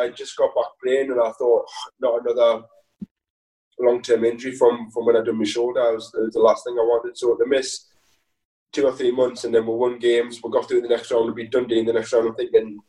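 A man in a relaxed interview chat, telling dressing-room stories with a dark, mellow tone. He rambles, laughs often and restarts his sentences. His voice sits a little back from the microphone. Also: mid-range voice, recorded from a distance, low-quality recording. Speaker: footballer guest.

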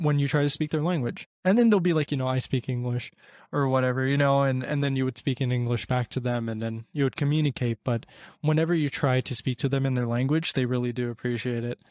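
A man's voice: medium pitch, a little mellow, dry recording, clean studio sound. Rambling young man, casual chat. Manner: rambling, heavy with fillers.

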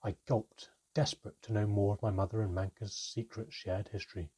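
A man reading a first-person fantasy story aloud in an expressive storytelling manner. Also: fairly low pitch, a little fast, few pauses, breathy edge. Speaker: audiobook narrator.

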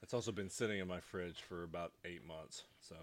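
A man's voice: low voice, fairly quick, a little hiss or hum. A man in casual podcast chat, wisecracking and throwing in goofy bits.

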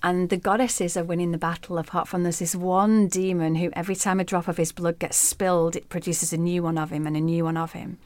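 Podcast guest, female, expressive storyteller, lowish pitch, dry recording. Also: a little fast, few pauses, no room sound. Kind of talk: storytelling in an interview.

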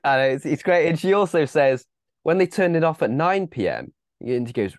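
A man with a slightly raised, very lively voice, swinging up and down as he jumps in with enthusiastic comments. He laughs easily between remarks. The sound is dry and close, with no room around it. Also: on the high side, moderate pace, dry recording. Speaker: podcast co-host. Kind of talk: casual chat about a film.

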